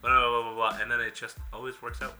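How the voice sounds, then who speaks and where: A young man co-hosting a podcast in casual chat, joking and animated, often trailing off softly. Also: medium pitch, quick pace, soft background music. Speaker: podcast co-host.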